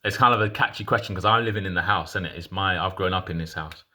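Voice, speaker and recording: Man, thirties, very low voice, bright forceful tone, slangy rambling storytelling. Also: quick pace. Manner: slangy, frank, rambling with restarts. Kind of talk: casual personal storytelling.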